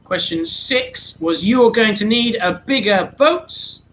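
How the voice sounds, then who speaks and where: A man's voice: very high voice, very animated, slow, a bit bright, a little hiss or hum, low-quality recording. A man hosting an online charity quiz, reading out answers in a chatty, slightly flustered way. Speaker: quiz host.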